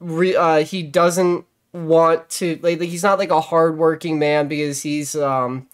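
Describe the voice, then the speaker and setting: A man's voice: on the high side, flat delivery, unhurried. A man chatting casually on a podcast, rambling through his point with constant filler words and restarts.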